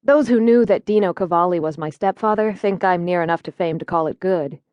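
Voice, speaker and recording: A woman's voice: on the low side, brisk, darkish tone, no echo, dull audio. A woman narrating a first-person audiobook in a wry, conversational storytelling manner, recorded in a studio.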